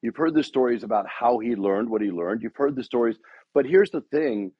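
A man's voice: medium pitch, lively intonation, brisk, breathy edge, dry recording, lo-fi sound. A man giving a motivational talk to a sales team, rousing the room with repeated rhetorical questions. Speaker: speaker addressing a dealership sales team.

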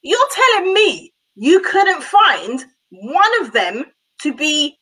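Animated woman, higher voice. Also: rough recording. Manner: animated, exclaiming, fast restarts. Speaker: podcast co-host. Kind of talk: casual group chat.

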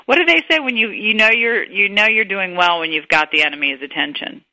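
A woman's voice: medium pitch, fairly quick, sharp tone, no room sound, poor audio. A woman guest in an interview, talking enthusiastically and restarting her sentences often. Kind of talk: casual interview talk.

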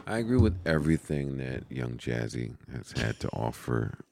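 Man, extremely deep voice, gravelly, podcast guest, joking, interrupts. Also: big pitch swings, moderate pace, darkish tone, no room sound. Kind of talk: casual chat.

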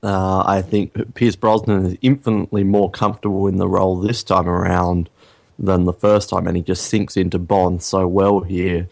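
A man co-hosts a casual film-review podcast in a low voice. He talks in a measured, easygoing way and pauses often with ums while he thinks aloud. The recording is close and dry. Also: little pitch movement, vocal fry, a little mellow, no room sound. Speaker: podcast co-host.

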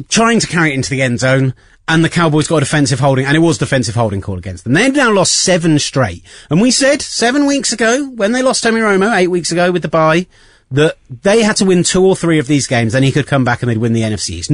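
A man hosting a casual sports podcast, talking in an animated, ranting way. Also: a little high, no room sound, studio quality. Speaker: podcast host.

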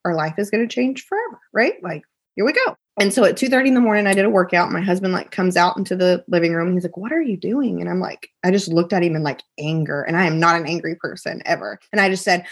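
Woman, 30s, podcast guest; husky, animated storyteller who acts out the people she quotes. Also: on the low side, fast. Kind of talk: emotional personal storytelling.

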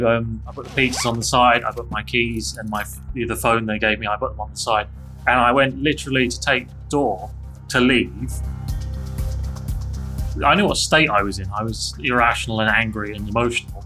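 Guy in an interview, bright tense voice, soft music under it, owning up to his mistakes. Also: mid-range voice, fairly quick. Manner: candid, self-critical, many restarts. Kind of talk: reflective personal story.

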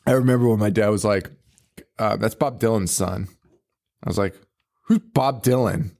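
A man's voice: lowish voice, moderate pace, creaky. A man on a podcast casually recapping a horror movie, swearing often and laughing as he tells it. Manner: laughing, profane, animated storytelling. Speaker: podcast co-host.

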